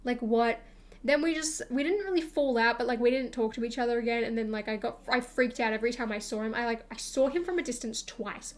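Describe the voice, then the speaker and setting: A young woman streamer rambling through a casual storytime chat, full of fillers and acted-out quotes of herself. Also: on the high side.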